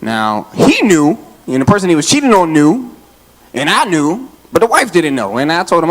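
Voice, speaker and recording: A man's voice: on the high side, very animated, moderate pace. Joking, breathless man preaching a sermon. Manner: casual, joking and talking straight to the congregation. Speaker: associate pastor. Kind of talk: lively Father's Day sermon. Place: church sanctuary.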